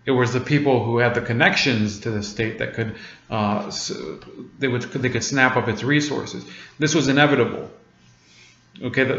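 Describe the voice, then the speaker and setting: In a mid-range, slightly bright voice, a man hosts casual commentary on news clips, rambling with lots of fillers and restarts. The recording sounds dull and lo-fi in an echoey room.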